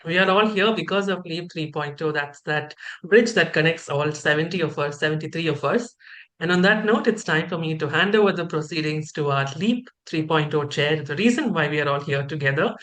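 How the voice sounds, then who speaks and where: Host, upbeat, video call, mid-pitched voice, group game leader. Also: a little fast, fairly bright tone. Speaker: session host. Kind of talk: online training session hosting.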